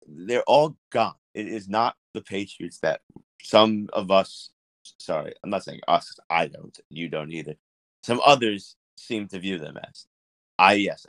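A man co-hosting a casual sports podcast, talking in an animated way, laughing often and restarting his sentences. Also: sits low, no room sound. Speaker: podcast co-host.

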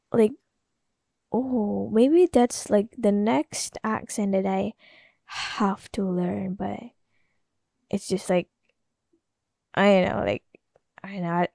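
A woman's voice: medium pitch, vocal fry, dark tone, no room sound, clean studio sound. A young woman from Indonesia, talking in a rambling, casual solo podcast monologue full of fillers and self-corrections. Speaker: podcast host.

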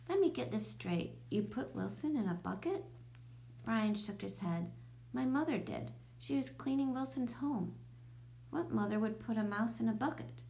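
A woman's voice: medium pitch, gravelly, darkish tone. A woman reading a children's chapter book aloud, raising her voice for the children's lines. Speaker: storybook reader. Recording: echoey room with faint hum.

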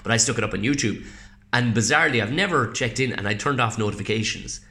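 An Irish man chatting casually as a podcast guest, swearing freely and telling animated stories before a gig. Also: medium pitch, fast talker. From Ireland. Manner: swears a lot, animated storytelling. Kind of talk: casual chat. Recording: roomy echo.

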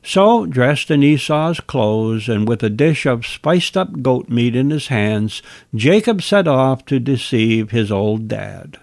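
Gravelly-voiced man teaching a Bible lesson. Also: mid-range voice, lively intonation, slow, a little mellow, dry recording, clean studio sound. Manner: wry asides between scripture readings.

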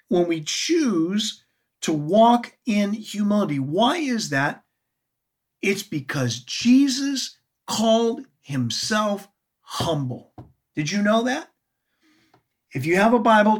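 Slow, husky woman teaching a sermon. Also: medium pitch. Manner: earnest, expressive, asks the audience questions. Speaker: Bible teacher.

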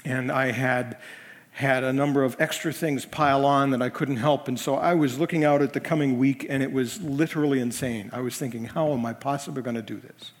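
A man's voice: medium pitch, steady tone, fairly quick. A middle-aged man preaching a sermon as senior pastor, telling personal stories in a conversational way with self-deprecating asides. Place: church sanctuary. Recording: long hall reverb.

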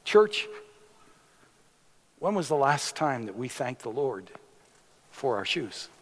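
A man preaching a sermon as a pastor, unhurried, with sudden emphatic rises in his voice. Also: mid-range voice, sing-song, big-room sound.

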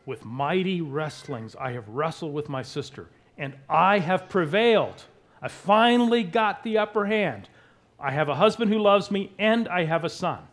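A man's voice: medium pitch, animated, a little slow, hardly any pauses. A man preacher voicing a desperate, envious young biblical wife in an urgent, pleading tone.

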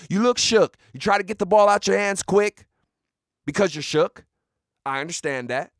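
A man hosting a sports podcast, delivering comedic, mocking trash talk with sudden shouted bursts. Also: sits high, moderate pace, no echo, studio quality.

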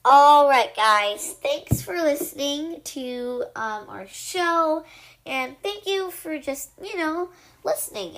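Slow-talking woman reading her own story. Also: sits high, a bit bright, low-quality recording. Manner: unhurried, chatty, with fillers. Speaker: podcast host and storyteller.

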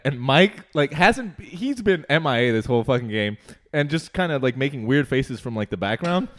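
A young man telling a bar story to a friend in casual chat, animated and swearing, laughing along the way. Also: a little high, moderate pace.

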